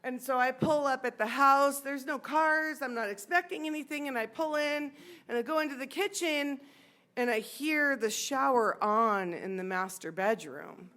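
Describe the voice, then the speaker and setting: A woman's voice: sits high, normal speed. A woman in her forties with an American accent, telling a true personal story on stage and acting out the people in it. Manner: animated, acts out the voices in her story. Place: sports bar stage.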